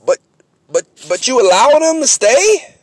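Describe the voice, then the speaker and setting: Animated high-pitched man ranting. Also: unhurried, dry recording. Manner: animated, mocking, swings between loud outbursts and low asides. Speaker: sports podcast host. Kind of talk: comedic sports rant.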